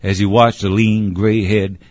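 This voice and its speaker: A man narrating a story in a measured, descriptive way. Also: lowish voice, flat delivery, darkish tone, dry recording. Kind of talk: storybook reading.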